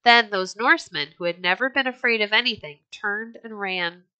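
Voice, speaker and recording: List: woman, storybook narration, bright voice, dry close sound, gentle measured read. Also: mid-range voice, clear, resonant tone, no echo, highs cut off.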